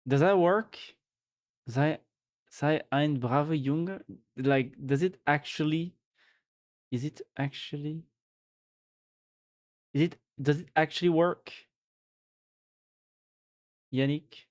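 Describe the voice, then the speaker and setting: A man's voice: on the high side, slow pace, long pauses, darkish tone. A man with a French accent chatting casually and joking while he codes on a live stream. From France. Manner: joking, musing aloud, full of restarts.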